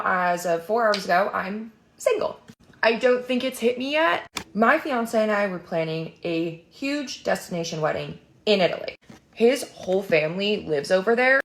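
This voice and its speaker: A young woman calmly recounting a personal story in story-time style. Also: medium pitch, creaky, a little hiss or hum.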